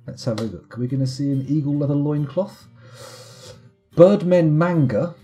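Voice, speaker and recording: A man's voice: mid-range voice, fairly even intonation, quick pace, mellow, soft background music. A man giving casual, rambling commentary over a live game stream, full of wry, self-mocking asides. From United Kingdom.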